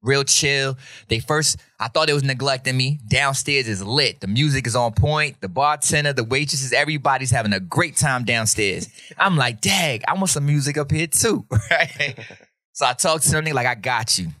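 A podcast host tells a casual, slangy story in a medium-pitched voice at a moderate pace, animatedly acting out other people's voices. The recording is dry, with clean studio sound.

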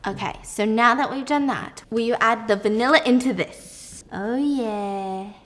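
A woman's voice: fairly high pitch, unhurried, a bit bright. A young woman podcast host telling a story in a casual, joking, slangy way while she bakes.

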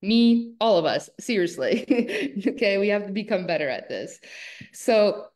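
A woman coach giving a live online masterclass, animated and emphatic and laughing often. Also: medium pitch, unhurried.

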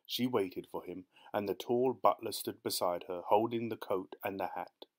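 A man narrates a short story in a low voice. His reading is measured and steady.

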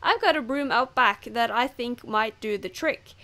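A woman's voice: fairly high pitch, normal speed, bright, forceful tone. A woman voicing a wry female stable owner in a game, reading the lines plainly with a dry tone.

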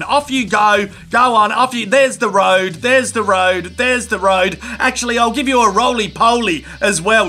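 A territorial male rhino lectures an intruder in a loud, mock-polite voice, as a man puts him on. The tone is bright and high, and he is smugly bossy. It is a comic animal voice-over.

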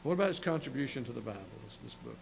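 A man's voice: medium pitch, expressive, very fast, vocal fry. Male pastor, mid-range voice, sermon delivery, reads scripture then comments, slight hum in the recording. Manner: reads scripture aloud, then explains in plain asides; repeats words and restarts phrases. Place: church sanctuary.

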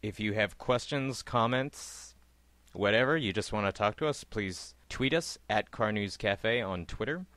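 Measured low-voiced man, dry sound. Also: fairly bright tone, no echo. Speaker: podcast co-host. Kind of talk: casual chat.

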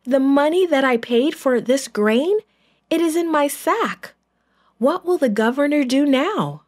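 A woman's voice: fairly high pitch, very animated, takes it slowly, a little mellow, slightly rough, full character voice. A woman doing anxious pleading brothers. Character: group of anxious grown brothers.

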